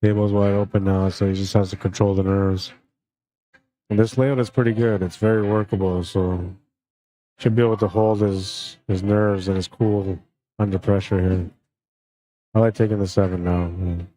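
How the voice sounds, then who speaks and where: A man commentating a live pool tournament stream in a relaxed, friendly way, reading out chat comments between shots. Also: deep voice, normal speed. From Canada.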